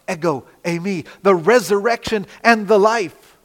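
A man preaching a sermon, dramatic, with rhetorical questions, swinging between loud emphasis and quiet asides. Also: high voice, animated, a little slow. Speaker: pastor. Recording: long reverb of a hall.

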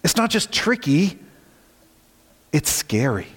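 A man preaching a sermon as pastor, swinging from quiet, low lines to shouted warnings. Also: big pitch swings, slow, breathy edge. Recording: long reverb of a large hall.

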